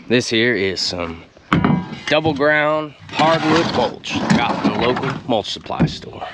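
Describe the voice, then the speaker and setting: A man hosting a comedic gardening tutorial outdoors in a folksy, drawling way, with deadpan innuendo. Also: medium pitch, a little hiss or hum. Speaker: gardening show host.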